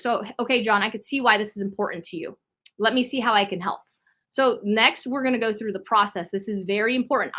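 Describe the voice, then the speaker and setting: A woman's voice: medium pitch, pushed and bright. A woman training salespeople, walking through a call script in a coaching tone with frequent okay check-ins.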